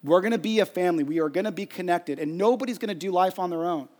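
Pastor guy preaching, earnest, tells stories w/ voices, kinda high voice. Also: fast, darkish tone. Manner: earnest storytelling with quoted dialogue. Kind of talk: sermon.

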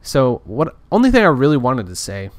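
A man's voice: medium pitch, huge pitch swings, normal speed, no echo. A man talking in a casual, rambling rant, frustrated and full of restarts. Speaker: podcaster. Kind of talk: casual ranting monologue.

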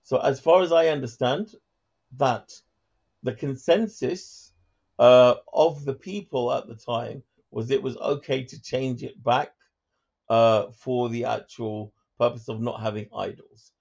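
Gravelly British man, halting, lo-fi call. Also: mid-range voice, a little mellow. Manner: halting, stammering, hesitant. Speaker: caller debating the host. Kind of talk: heated live debate.

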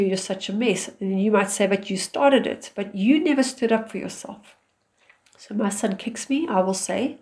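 A woman speaks with calm firmness as she gives advice, steady and instructive, her pitch sitting right in the middle of the range. She talks like a mother laying down clear rules. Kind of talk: direct advice talk.

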